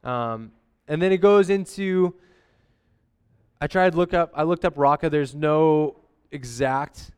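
A man's voice: on the high side, slow pace, pauses often, clean tone. A young adult man giving a casual, conversational sermon as a pastor, using slang and frequent "amen?" asides.

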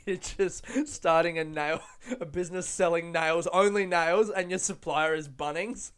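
A man's voice: fairly high pitch, steady tone, measured pace, fairly bright tone, clean tone. A young man hosting a podcast, chatting casually on his own, rambling, swearing freely and breaking into his own jokes. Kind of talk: casual solo chat.

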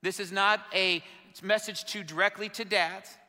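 Bright high-voiced man preaching. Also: steady tone, normal speed. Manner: conversational preaching with questions to the congregation. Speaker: pastor. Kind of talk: sermon. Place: church sanctuary. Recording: reverberant church hall.

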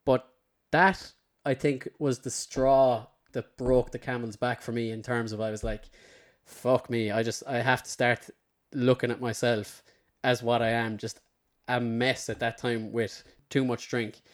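Swearing man telling a story. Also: a little slow. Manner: animated, swearing, acts out his own past remarks in a low mutter. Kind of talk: casual storytelling chat.

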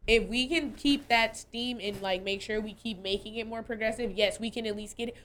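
A woman's voice: a little high, fairly even intonation, brisk, a bit bright, a little hiss or hum. A woman from California talking bluntly and with plenty of swearing, laughing easily in casual podcast chat. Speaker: podcast guest.

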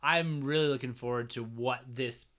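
An upbeat man hosting a podcast, chatting casually with co-hosts and wrapping up the show. His voice sits at an ordinary middle pitch. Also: steady tone, normal speed, fairly bright tone. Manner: upbeat, runs the discussion and outro. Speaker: podcast host. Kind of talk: casual chat.

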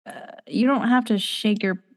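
A woman's voice: medium pitch, moderate pace. A woman improvising a comedy scene, speaking in hesitant, hedging bits. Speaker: improv player.

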